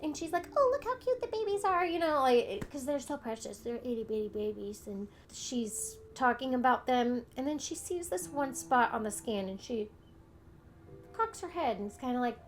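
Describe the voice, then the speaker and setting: A woman's voice: a little high, animated, normal speed, slight background noise. A young adult woman vlogger candidly telling a personal story in casual conversation, acting out what others said. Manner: candid, conversational, retells events with quoted dialogue.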